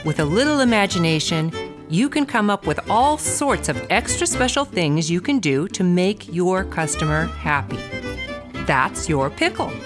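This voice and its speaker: A woman narrates a training podcast in a lowish voice that still moves up and down with life. Her scripted lines are measured and clear. Guitar and fiddle play clearly behind her. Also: big pitch swings. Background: guitar and fiddle music.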